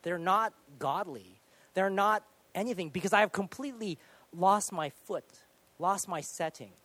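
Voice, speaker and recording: Animated, higher-voiced man preaching. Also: moderate pace, no echo. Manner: animated, self-deprecating storytelling with sudden loud acted outbursts. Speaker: pastor. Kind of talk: sermon with personal story.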